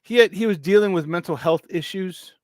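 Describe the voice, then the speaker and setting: A man's voice: sits high, fairly quick, no room sound. A young man hosting a casual morning sports talk show, rambling loosely and slipping into Spanish phrases.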